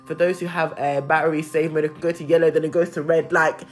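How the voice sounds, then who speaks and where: Brief: young woman, lowish voice, candid casual rant, swears often, faint music behind. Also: quick pace. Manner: candid, expressive, swears freely, animated rants. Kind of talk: casual venting monologue.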